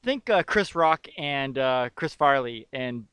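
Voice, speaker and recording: Smooth-voiced man recapping a movie casually. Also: mid-range voice, animated, slow pace, fairly bright tone, no echo. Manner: rambling, jokey, recaps scenes with lots of fillers. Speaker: podcast co-host.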